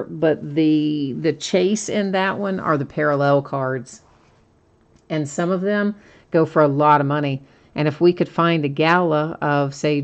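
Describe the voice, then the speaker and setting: A woman hosting a live sports card break stream, talking through cards and the upcoming schedule in a chatty, steady way. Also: deep voice, muffled recording. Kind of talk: live stream product recap.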